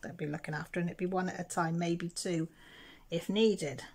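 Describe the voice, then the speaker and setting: A woman's voice: lowish voice, steady tone, normal speed, darkish tone. A middle-aged woman chatting casually while she crafts, telling a story and acting out other people's voices. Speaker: craft vlogger.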